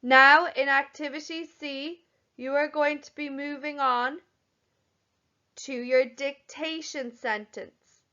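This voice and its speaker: A young woman teacher giving a recorded lesson to young children, speaking slowly and clearly and sounding out words. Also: sits high, fairly even intonation, bright, forceful tone. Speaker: primary school teacher. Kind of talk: recorded home-learning lesson. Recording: slightly dull, lo-fi audio.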